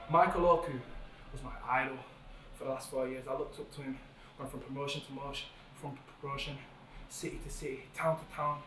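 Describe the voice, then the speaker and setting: A man's voice: medium pitch, fairly even intonation, a little fast, a bit bright, soft background music. A young adult man, a pro wrestler, cutting a brash and boastful backstage promo with plenty of trash talk. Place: backstage hallway at a wrestling show. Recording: roomy hallway audio from far off.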